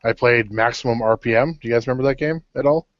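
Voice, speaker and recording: A man talks through a casual chat in a plain, matter-of-fact way at a middle pitch. The audio is dull and lo-fi, and it sounds dry and close. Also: quick pace, no room sound. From Canada. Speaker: podcast host.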